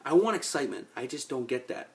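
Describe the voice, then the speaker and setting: A man's voice: medium pitch, very animated, fast, darkish tone. A man ranting casually to his webcam about actors he dislikes, blunt and rambling, often repeating himself. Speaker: vlogger. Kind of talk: casual opinion rant.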